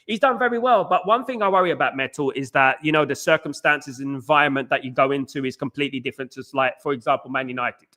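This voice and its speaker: A man's voice: mid-range voice, quick pace, sharp tone. A man hosting a football chat show, reading viewers' messages, rambling with many restarts and calling people "mate". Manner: rambling, restarts often, frequent "mate" and "you know what I mean". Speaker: podcast host reading live chat. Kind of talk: casual fan chat.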